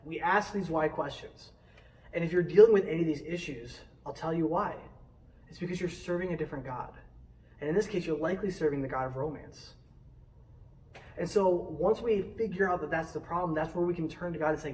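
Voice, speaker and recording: Animated man preaching a casual sermon. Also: a little high, far from the mic, low-quality recording. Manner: animated, conversational preaching with quick asides.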